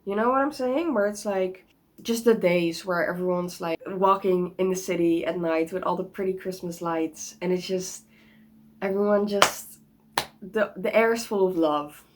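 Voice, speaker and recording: A woman's voice: fairly low pitch, moderate pace, slight background noise, poor audio. A young woman talking casually in a home vlog, bubbly and rambling, with lots of giggles and restarts. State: sick. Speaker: vlogger.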